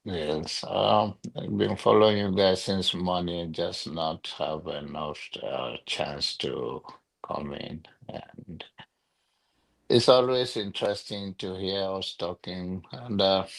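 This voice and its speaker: A man speaking in an online discussion, slow and hesitant, with many fillers. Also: low voice, gravelly, rough recording. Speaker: guest speaker.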